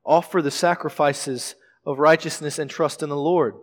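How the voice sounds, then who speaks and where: Higher-voiced man preaching in an echoing hall. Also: steady tone. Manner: measured preaching with frequent word repetitions. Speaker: pastor. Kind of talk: sermon. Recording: long reverb of a large hall.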